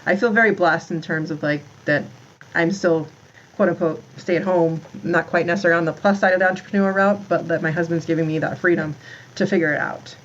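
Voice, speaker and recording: A woman's voice: on the low side, steady tone, a little fast, muffled recording, slight background noise. A woman in her thirties, a podcast guest, talking in a rambling way about motherhood, full of "like" and restarts. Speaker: podcast guest, founder of a moms' community. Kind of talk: casual interview talk.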